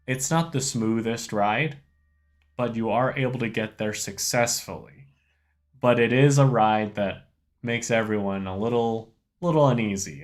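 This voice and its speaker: A man narrating a tabletop game as its game master, in a relaxed, unhurried way. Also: fairly low pitch.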